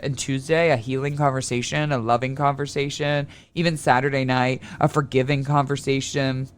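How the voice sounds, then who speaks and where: A man's voice: fairly high pitch, a bit bright, smooth. A man hosting a solo astrology podcast, talking in a loose, rambling way and acting out little everyday scenes. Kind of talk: casual solo podcast talk.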